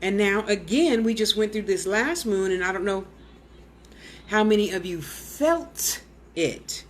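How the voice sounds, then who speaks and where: A woman's voice: mid-range voice, expressive, unhurried, a little hiss or hum. A woman clairvoyant medium in casual live-stream chat at home, rambling and blunt, talking straight to her viewers.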